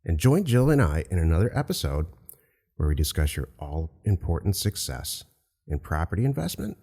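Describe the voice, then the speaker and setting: Man host, very low voice with a lively swing, relaxed and encouraging. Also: moderate pace, husky, long reverb tail. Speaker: podcast host. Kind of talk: casual chat.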